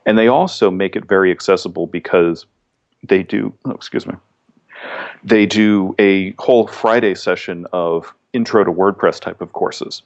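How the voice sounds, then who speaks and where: A man talking as a podcast guest in a relaxed, rambling way with many restarts. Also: deep voice, moderate pace, dull audio. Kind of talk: casual interview chat.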